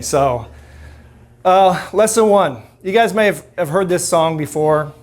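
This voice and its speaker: A middle-aged man talks to a live audience in a loose, self-deprecating way. His voice sits a little high for a man, and he often restarts his sentences and fills the gaps with "um" and "you know." He keeps turning to the room with questions. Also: animated, a little slow. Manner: conversational, self-deprecating, many restarts and fillers. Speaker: speaker at a men's ministry talk. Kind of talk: casual talk to a live audience.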